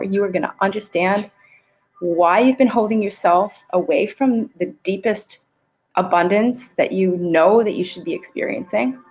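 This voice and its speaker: A woman's voice: medium pitch, low-quality recording. Earnest woman leading a live meditation. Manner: earnest, emotive, swearing at times. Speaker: spiritual coach. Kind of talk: live-streamed guided meditation talk. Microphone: live stream camera.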